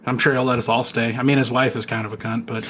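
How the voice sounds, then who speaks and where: A man co-hosting a crude podcast, cracking quick deadpan jokes. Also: medium pitch, soft background music. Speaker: podcast co-host. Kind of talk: crude casual podcast banter.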